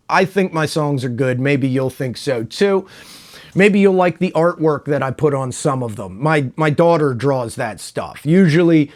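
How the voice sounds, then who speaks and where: A middle-aged man casually rambling to camera as a guitar channel host, laid-back, often adding "man" and "right?". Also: on the high side. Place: home room with a wall of guitars.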